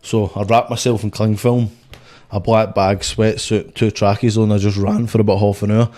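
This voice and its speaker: A man's voice: lowish voice, flat delivery, normal speed, mellow. A young Scottish man, a boxer, telling stories in a blunt, sweary, rambling way on a casual podcast. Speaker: guest, boxer.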